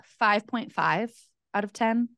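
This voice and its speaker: Smooth-voiced woman co-hosting hockey talk. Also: medium pitch, slow pace, pushed and bright, no echo. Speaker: podcast co-host. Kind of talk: casual sports chat.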